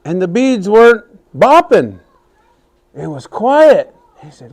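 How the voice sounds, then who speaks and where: Man, storyteller for kids, high expressive voice, slow, asks questions. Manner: animated, asks the children questions. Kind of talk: telling a story to a children's class.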